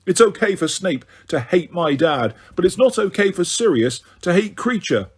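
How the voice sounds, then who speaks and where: A grieving teenage boy wizard, snarling and accusing, played by a man reading an audiobook. The voice sits a little high with a husky edge. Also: big pitch swings, moderate pace, full character voice. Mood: angry.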